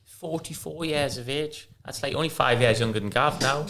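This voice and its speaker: A man's voice: medium pitch, bright, forceful tone, slight background noise. Jokey man chiming into banter. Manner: jokey, chiming in with quick reactions. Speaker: podcast co-host, ex-footballer. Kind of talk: casual chat.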